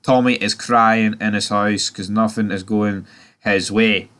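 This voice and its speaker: A man's voice: fairly low pitch, steady tone, a little slow, a bit bright. A man giving a casual, profanity-heavy TV recap, opinionated and mocking. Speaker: TV series recapper.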